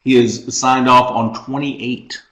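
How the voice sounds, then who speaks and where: A man's voice: mid-range voice, little pitch movement, slow pace, fairly bright tone, reverberant, low-quality recording. A man co-hosting a podcast in casual chat, rambling through a story and laughing at his own jokes. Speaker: podcast co-host.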